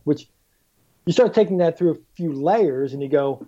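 A man guest on a casual podcast, telling stories in an animated way and acting out the people he quotes. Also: on the high side, a little fast, lo-fi sound. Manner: animated storyteller, acts out quoted voices. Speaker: guest author.

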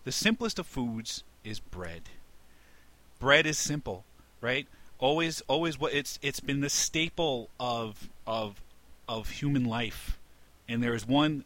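A man's voice: medium pitch, lively intonation, measured pace. Ranting New York man. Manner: exasperated, ranting, rising to indignant shouts. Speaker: podcast co-host. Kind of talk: comedic rant.

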